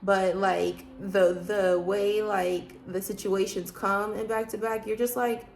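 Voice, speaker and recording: A woman's voice: medium pitch, fairly even intonation, slow pace, darkish tone, a little hiss or hum. A woman vlogger talking casually about faith, emphatic and preachy, with many rhetorical questions. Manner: loose, chatty, frequent fillers. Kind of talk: casual faith talk to camera.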